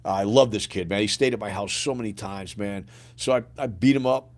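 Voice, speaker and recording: A man's voice: fairly low pitch, fairly quick, darkish tone. A middle-aged man from the United States, a podcast guest telling a painful personal story in a blunt, casual way full of slang and swearing. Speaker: podcast guest, grieving father.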